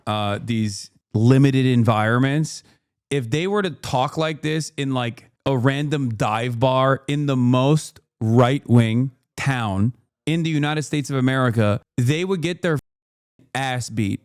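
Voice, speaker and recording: A man's voice: medium pitch, clear, resonant tone, no room sound. Casual, blunt man reacting on stream, mid voice, dry close mic. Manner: blunt, slangy, incredulous. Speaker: streamer reacting to a debate clip.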